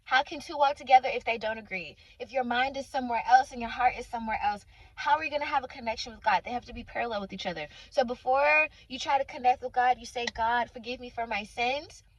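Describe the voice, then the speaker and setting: High-voiced woman preaching with emphatic repetition. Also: quick pace, few pauses, rough recording. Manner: emphatic, repeats phrases for stress; calls listener honey and sweetheart. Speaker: Christian faith speaker. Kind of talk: informal preaching to camera.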